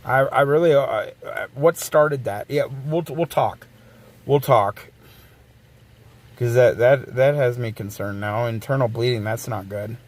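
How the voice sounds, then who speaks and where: A man's voice: mid-range voice, a little slow, a little mellow. Rambling, swearing livestream guy. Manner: rambling, swears freely, reads chat aloud. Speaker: livestream host. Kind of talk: casual livestream chat.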